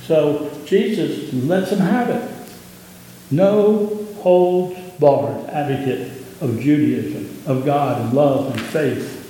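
A man with a Southern US accent, a pastor giving an impassioned sermon that rises in pitch on key points. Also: slow pace, mellow, a little hiss or hum. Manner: impassioned preaching, rising in pitch on emphasis. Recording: echoey hall with long reverb.

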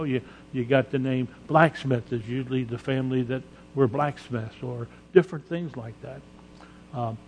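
Male pastor for a sermon: emphatic, rhetorical, husky voice, big reverberant church hall. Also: mid-range voice, lo-fi sound. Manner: emphatic, with rhetorical questions and dramatized quotes. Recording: long reverb of a large hall.

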